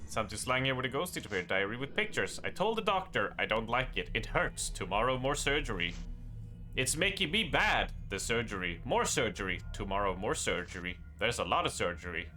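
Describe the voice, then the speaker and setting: Excitable guy streaming a horror game, jokey, swoopy voice, bit of music behind. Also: medium pitch, fairly quick. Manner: excitable, joking, laughs often. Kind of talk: live gameplay commentary.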